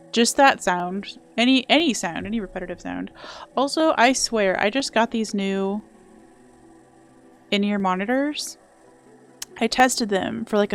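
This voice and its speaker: A woman's voice: medium pitch, vocal fry. A young woman chatting casually and muttering to herself while live-streaming a video game, self-deprecating and chatty.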